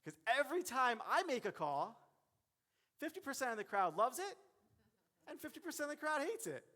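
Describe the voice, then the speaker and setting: A man giving a motivational keynote as a referee, speaking directly to the audience in a lively way. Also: very high-pitched, fairly quick. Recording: long hall reverb.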